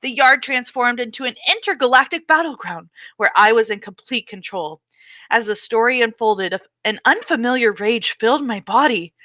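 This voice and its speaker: A woman author reads aloud from her memoir in an expressive, dramatic way. Her voice is bright and crisp, recorded close and dry. The recording sounds slightly dull and muffled. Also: a little high, moderate pace, dry recording.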